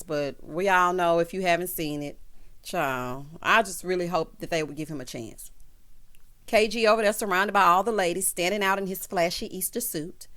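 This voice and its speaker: A woman's voice: on the low side, fairly bright tone. A young woman hosting a casual reality show recap, sassy and chatty, calling viewers honey and child. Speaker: YouTube recap host.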